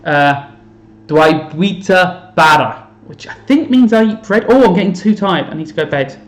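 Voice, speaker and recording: A man's voice: high voice, lively intonation, fast talker, reverberant. A man chatting casually on a live stream while playing a game, self-mocking and thinking aloud to his viewers. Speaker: teacher streaming to students. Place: home room.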